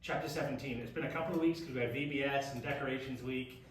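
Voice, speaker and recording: In a church youth room, an English-accented youth pastor leads a casual Bible study, chatting and often putting questions to the group. His mid-range voice moves fast, and the echoey room, distant mic and slight background noise color the sound.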